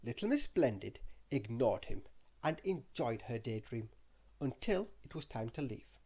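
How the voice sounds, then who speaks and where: A man reads a children's storybook aloud at bedtime. His husky voice swoops widely in pitch as he tells the story, and he sounds expressive throughout. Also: measured pace.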